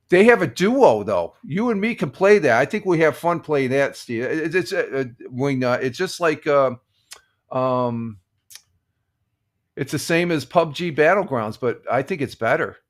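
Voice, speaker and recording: A man's voice: medium pitch, lively intonation, measured pace. An older man from upstate New York hosting a casual morning livestream, rambling with many fillers and restarts while greeting viewers by name. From United States. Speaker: livestream host. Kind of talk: casual chat with chat readers.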